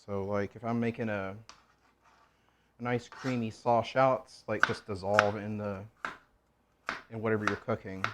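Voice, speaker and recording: A man's voice: medium pitch, noisy background. Rambling joking man cooking. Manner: rambling, joking, talks to himself while chopping. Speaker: cooking channel host. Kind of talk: casual cooking vlog chat.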